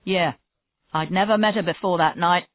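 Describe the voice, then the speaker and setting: Stubborn male murder suspect under questioning, read by a woman; slow, low-ish, dry tinny audio. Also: no room sound, natural voice. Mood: defensive. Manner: stubborn denials, rising to angry shouts. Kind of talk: reading a graded story aloud.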